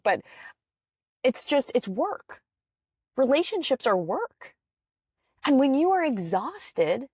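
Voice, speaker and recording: A woman's voice: mid-range voice, no echo, studio quality. A woman hosting a solo podcast in casual chat, rambling and earnest, encouraging her listeners with many "like"s and sighs. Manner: chatty and rambling, with frequent "like" and sighs. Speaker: podcast host.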